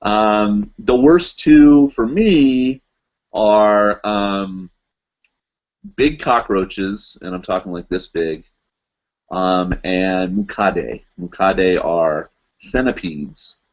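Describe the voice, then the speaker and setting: A man's voice: fairly low pitch, drawn-out words. A man in his thirties chatting casually on a live stream, answering viewers with many ums and restarts, from his apartment. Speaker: vlog host answering live chat. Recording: dull lo-fi webcam audio.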